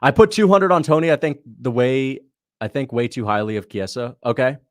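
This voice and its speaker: A young man casually hosts a livestream, reacting to fights in a medium-pitched voice. He is loose, chatty and quick to laugh, reading donations and thanking viewers, recorded at studio quality with no echo.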